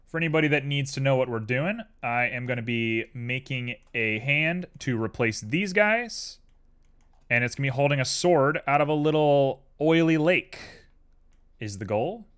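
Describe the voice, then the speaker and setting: A man's voice: mid-range voice, animated, normal speed, fairly bright tone, clean tone. A tired man chatting casually and rambling drowsily on a live stream while he works on a 3D model at his computer.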